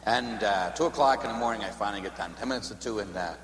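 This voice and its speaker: A man's voice: on the low side, fast talker, fairly bright tone, echoey room, in a large hall, slight background noise. A man preaching a homily as a Catholic priest in a church, telling long humorous stories in a conversational way. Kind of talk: sermon.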